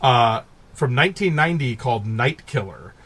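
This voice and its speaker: A man on a podcast telling a story in casual chat, animated, laughing and swearing as he goes. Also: medium pitch, moderate pace, husky. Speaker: podcast co-host.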